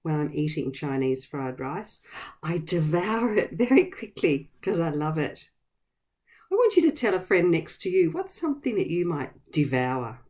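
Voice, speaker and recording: A woman teaching a vocabulary lesson to young children, speaking slowly and clearly in an encouraging way. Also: low voice, sing-song, darkish tone.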